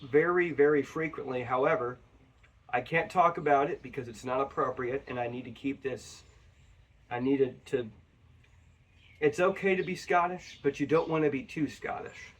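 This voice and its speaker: A man talking to his viewers in a rambling, chatty whiskey review. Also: medium pitch. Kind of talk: casual review vlog. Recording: voice a bit far from the mic.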